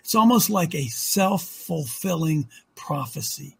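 Man, high husky gravelly voice, emphatic preaching, rhetorical questions. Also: a little slow, few pauses. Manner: emphatic, rhetorical questions, swings loud to soft. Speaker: host. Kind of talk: preaching on a talk show.

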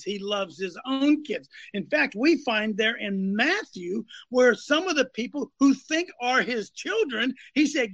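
A man's voice: very high-pitched, expressive, a little slow, hardly any pauses, fairly bright tone, muffled recording. A man preaching emphatically as host of a live talk show, repeating his points and calling on co-hosts by name. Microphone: phone.

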